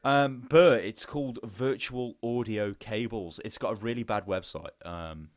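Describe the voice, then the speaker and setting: A man's voice: lowish voice, measured pace, dry recording, studio quality. A young man with a headset, hosting a live Q&A in a rambling, profane, casual way. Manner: rambling and profane, with lots of fillers. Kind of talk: casual chat.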